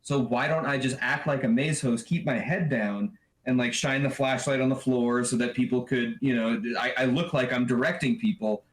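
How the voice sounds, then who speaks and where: A man guest in a casual video call chat, telling a story with animated stumbles and restarts. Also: medium pitch, normal speed. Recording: roomy echo.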